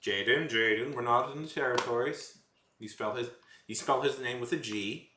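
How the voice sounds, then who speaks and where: Captured with a roomy echo, a male streamer talks casually with his live chat in a bright, forceful, medium-pitched voice at a moderate pace. His remarks ramble, loop back in self-corrections, and carry sarcastic asides.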